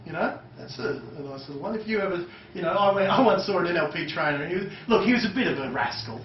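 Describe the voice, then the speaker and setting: A man's voice: sits high, expressive, fast, a little hiss or hum. A man running a live seminar for an audience, teaching in a loose, chatty way with lots of fillers, recorded from a distant mic. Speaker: seminar trainer. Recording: echoey, distant, dull lo-fi room recording.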